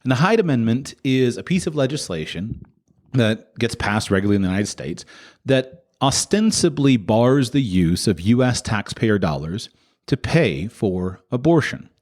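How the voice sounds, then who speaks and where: A podcast host launches into an impassioned monologue, firing off the same rhetorical questions again and again. His voice swings widely in pitch, jumping sharply, while his speed stays normal.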